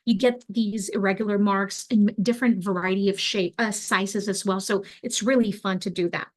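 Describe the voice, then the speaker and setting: A woman's voice: medium pitch, moderate pace. Chatty woman teaching a craft class. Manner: relaxed, chatty, many fillers like "like" and "um". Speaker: craft instructor. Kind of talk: online class demonstration.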